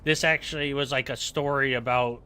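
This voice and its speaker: A man's voice: medium pitch, fairly even intonation, moderate pace, bright, forceful tone, clean tone. A man streaming a game, chatting casually in a rambling, self-mocking, joking way. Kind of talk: casual chat while playing.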